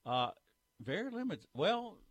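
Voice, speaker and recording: A man's voice: high voice, sing-song, measured pace. A man co-hosting a sports radio show, joking at his own expense. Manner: self-deprecating, joking. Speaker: radio co-host. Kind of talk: casual radio banter.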